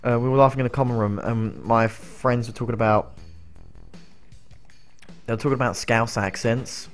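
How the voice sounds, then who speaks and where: A man's voice: medium pitch, steady tone, normal speed, soft background music. A young man chatting casually while streaming a game, telling rambling, giggly stories. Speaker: gaming livestreamer. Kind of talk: casual chat while playing.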